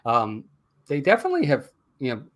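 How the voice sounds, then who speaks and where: A man's voice: medium pitch, brisk. A man hosting a casual live-streamed movie review podcast, laughing easily and chatting with his co-host. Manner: lively, laughs easily, reads a rhyming mock ad.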